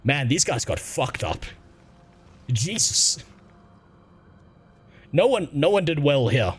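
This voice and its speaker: A man's voice: on the high side, sing-song, slow pace, husky. A man doing crude, joking casual gameplay commentary as a streamer.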